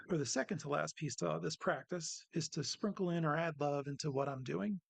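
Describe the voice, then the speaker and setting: Man, gravelly and husky, earnest personal reflection at a worship service, dry close sound. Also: on the high side, dry recording. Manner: earnest, personal, self-deprecating. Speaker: lay speaker giving a reflection.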